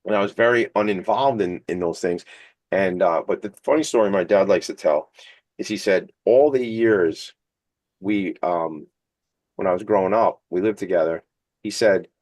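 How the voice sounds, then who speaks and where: A man's voice: low-pitched, moderate pace, a little mellow. Chatty, rambling man hosting talk radio. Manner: chatty, rambling, jokey and enthusiastic. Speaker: radio talk show host. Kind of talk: casual interview chat. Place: studio streamed on video.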